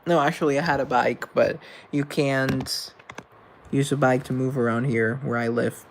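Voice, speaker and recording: A man's voice: medium pitch, fairly even intonation, moderate pace, slight background noise. A man hosting a live stream, chatting casually with viewers in a rambling, joking, self-deprecating way. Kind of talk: casual chat reading viewer comments.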